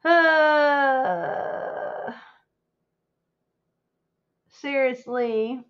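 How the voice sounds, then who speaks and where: A woman chatting casually on a home livestream, excitable and quick to exclaim. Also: fairly high pitch, dull audio. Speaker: crafting livestreamer.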